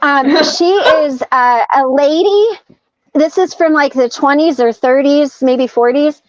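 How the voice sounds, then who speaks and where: High-voiced woman telling an animated story. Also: takes it slowly, no echo. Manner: animated storyteller acting out quoted dialogue. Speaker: podcast guest. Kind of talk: casual storytelling. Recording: dull lo-fi sound.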